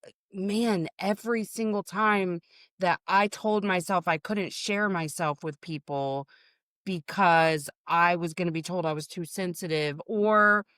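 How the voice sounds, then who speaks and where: Frank woman podcast guest, smooth clear voice, dry close sound, swears freely. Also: lowish voice, a little slow, a bit bright, no room sound. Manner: frank, swears freely, calls people honey. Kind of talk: casual chat.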